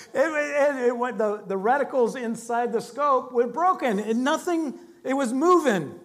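A man's voice: high-pitched, moderate pace. A man preaching a sermon, shifting between conversational storytelling and emphatic, dynamic delivery. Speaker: pastor.

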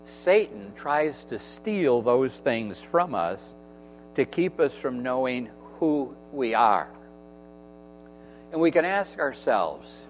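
A man's voice: mid-range voice, very animated, slow pace, long reverb tail. A man preaching a sermon in an earnest way, repeating phrases for emphasis. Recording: dull recording with faint mains hum.

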